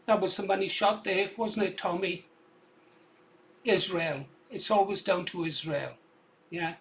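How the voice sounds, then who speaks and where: A man's voice: high-pitched, steady tone, measured pace, pauses often, fairly bright tone. Casual English man commenting on clips. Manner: conversational, tag questions like "yeah?".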